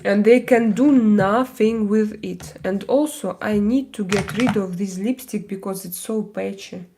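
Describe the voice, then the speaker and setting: A woman's voice: mid-range voice, unhurried, background noise. A woman hosting a casual livestream, chatting with viewers in a loose, rambling way with many fillers. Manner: chatty, many fillers and restarts, switches into mock-Spanish bits. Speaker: livestream host. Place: home, doing makeup on stream.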